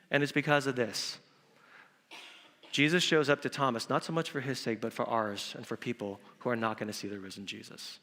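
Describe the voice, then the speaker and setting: A male pastor preaching an Easter sermon in a church, animated and acting out quotes in different voices. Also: mid-range voice, fairly quick. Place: church sanctuary. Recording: reverberant church hall.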